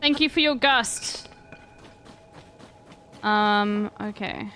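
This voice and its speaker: A woman's voice: mid-range voice, expressive, takes it slowly, pauses often, fairly bright tone, a little hiss or hum, poor audio. A young woman streaming a game, chatting crudely and jokingly with her viewers. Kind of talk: casual gameplay commentary.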